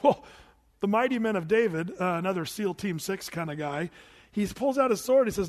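A male pastor preaching a sermon, telling the story in an animated way that swings between loud and hushed, with humorous asides. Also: high voice, normal speed, in a large hall.

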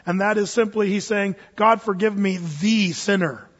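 Male pastor, husky high voice, relaxed sermon style, dull recording with church hall echo. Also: moderate pace. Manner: conversational preaching, voices quoted people. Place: church sanctuary.

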